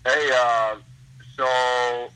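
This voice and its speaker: A man's voice: medium pitch, level tone, extremely slow, sharp tone, smooth, low-quality recording. A man in his sixties, a former wrestler interviewed as a guest, telling stories in a rambling way with many fillers and restarts. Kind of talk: casual storytelling interview.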